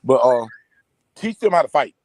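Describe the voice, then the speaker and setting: A man's voice: medium pitch, sing-song, moderate pace, darkish tone, dry recording. An older man joining a casual live-streamed chat as a guest, rowdy and joking and swearing freely, over a video call.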